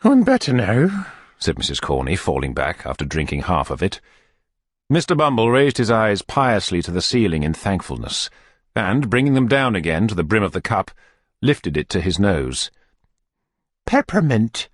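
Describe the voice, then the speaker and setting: A man narrating a classic novel as an audiobook reader, in expressive, lively storytelling. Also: sits low, moderate pace, dry recording, clean studio sound.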